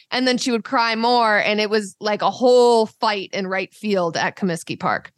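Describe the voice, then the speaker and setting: A woman co-hosting a sports podcast, chatting casually and telling stories in an animated way. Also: medium pitch, moderate pace, few pauses. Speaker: podcast co-host.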